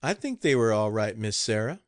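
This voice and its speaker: A man's voice: lowish voice, big pitch swings, normal speed, no room sound, studio quality. A man voicing a long-suffering old woman cook who grumbles and mutters in an audiobook reading. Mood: pleading.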